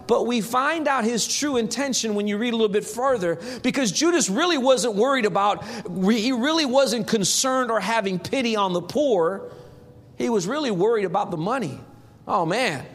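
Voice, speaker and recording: A man preaching a sermon in a lively, humorous, conversational way. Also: very high-pitched. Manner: animated, humorous, acts out quotes.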